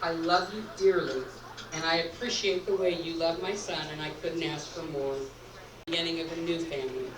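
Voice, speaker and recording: A deep-voiced middle-aged woman, speaking at normal speed with fairly even intonation, toasts the couple heartfeltly as the groom's mother. The distant mic in the echoey rehearsal-dinner banquet hall picks up crowd and background noise.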